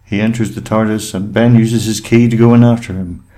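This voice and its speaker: Lower-voiced man, teasing. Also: fairly even intonation, a little fast, warm tone. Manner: sarcastic, teasing. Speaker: podcast co-host. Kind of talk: casual podcast chat.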